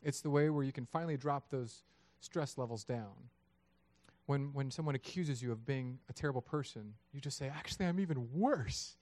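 Pastor in his thirties delivering a sermon, mid-pitched and animated, dry close-miked sound. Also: normal speed, no room sound. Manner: animated, acts out voices of God and people.

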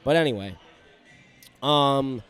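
A man's voice: medium pitch, takes it slowly, a bit bright, clear, resonant tone, soft background music. A man hosting a solo sports podcast, talking candidly and giving his opinions in a conversational way. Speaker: podcast host.

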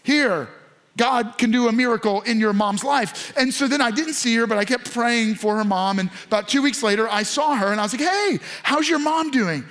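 A man's voice: very high-pitched, fairly quick, a bit bright. A man in his thirties, a pastor giving a sermon in a casual storytelling way, with acted-out quotes.

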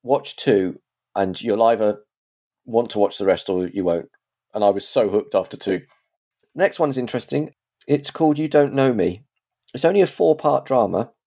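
A man's voice: on the low side, moderate pace, mellow. A man in casual chat, reviewing TV series in a rambling, chatty way with frequent restarts.

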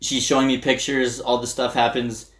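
A man's voice: mid-range voice, normal speed. A young man in casual chat, animatedly telling a story and acting out what others said. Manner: animated storytelling, acting out quotes, frequent laughter. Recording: roomy echo.

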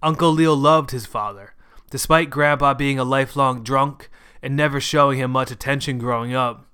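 A man's voice: mid-range voice, fairly even intonation, moderate pace, bright, forceful tone, clear, resonant tone. A man reading a short story aloud as its narrator. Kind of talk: scripted narration.

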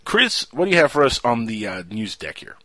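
A man's voice: medium pitch, very animated, brisk, pushed and bright, no room sound. A man hosting a casual talk radio show, joking and chatty. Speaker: host.

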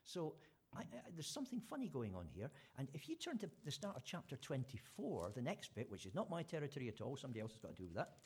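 A man's voice: medium pitch, wildly swooping pitch, fast, darkish tone, breathy edge. A man preaching an informal sermon, retelling a story in a chatty way with fillers and restarts.

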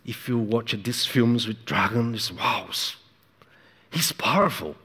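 A man preaching a sermon in an emphatic, repetitive way, moving between hushed and loud delivery. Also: mid-range voice, animated, takes it slowly, breathy edge. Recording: echoey hall with long reverb.

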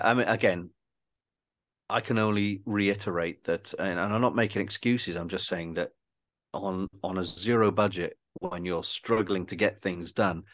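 A man, a film director and guest, talking in a casual interview, rambling and self-deprecating, halting and restarting often. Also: deep voice. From Wales.

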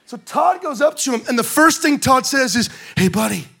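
A man speaking to a church audience, telling a humorous story with lively, joking asides. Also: extremely high pitch, moderate pace. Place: in front of a live audience in a room.

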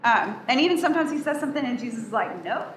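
A woman's voice: a little high, expressive, rapid-fire, slight background noise. A woman giving a casual sermon, talking easily and asking the group questions as she teaches. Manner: chatty, asks the room questions. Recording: echoey room with faint ambience.

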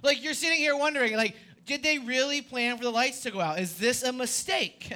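A man preaching an Easter sermon in a church, animated, swinging between loud emphatic lines and hushed, quiet ones. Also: very high voice, a little fast. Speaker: pastor.

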